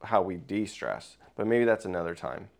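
A man's voice: deep voice, animated, moderate pace, creaky. A young man co-hosting a casual podcast, rambling and joking at his own expense. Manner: rambling, self-mocking, jokey. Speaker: podcast co-host.

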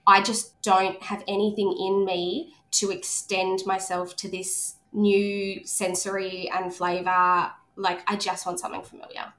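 A woman's voice: medium pitch, a little slow, few pauses. An Australian woman in her thirties, a podcast guest telling stories animatedly and acting out the dialogue. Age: 30s. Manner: animated storyteller who acts out quoted dialogue. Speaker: podcast guest, speech pathologist. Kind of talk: casual podcast conversation. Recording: echoey room.

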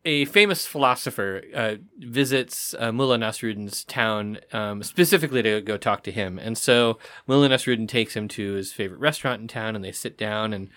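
A man's voice: lowish voice, brisk, hardly any pauses, pushed and bright. A man co-hosting a casual podcast, telling jokes and stories and acting out the characters. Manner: storytelling with acted-out character voices. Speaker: podcast co-host.

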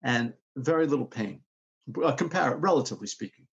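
A man being interviewed as an actor guest, talking in a rambling, halting way with many restarts. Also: mid-range voice, animated, gravelly, breathy edge, muffled recording. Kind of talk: podcast interview.

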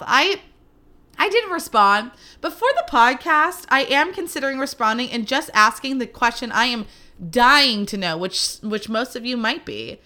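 A woman around thirty hosting a podcast, chatting casually and telling animated stories with quick asides. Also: a little high. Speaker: podcast host. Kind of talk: casual solo podcast chat.

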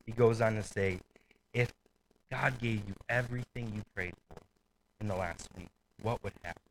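A man's voice: on the low side, moderate pace, a little hiss or hum, poor audio. A man preaching a sermon in a casual, conversational way, with asides and light laughter. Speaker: pastor.

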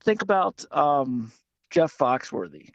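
A man's voice: on the high side, expressive, takes it slowly, no room sound, lo-fi sound. A man in his thirties from West Virginia, a podcast guest chatting casually, hesitant and self-deprecating. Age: 30s. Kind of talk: casual chat.

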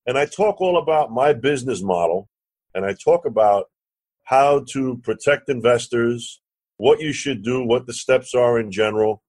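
A man, a real estate lender and podcast guest, telling a lively anecdote and acting out the other voices. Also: mid-range voice, moderate pace. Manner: animated anecdote teller, acts out quoted dialogue, curses casually. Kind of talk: storytelling in a podcast interview.

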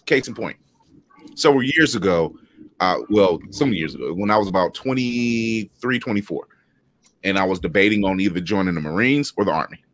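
A man's voice: fairly low pitch, expressive, fairly quick, a bit bright. A man in his thirties talking bluntly and emphatically on a panel discussion, swearing freely as he tells his own stories.

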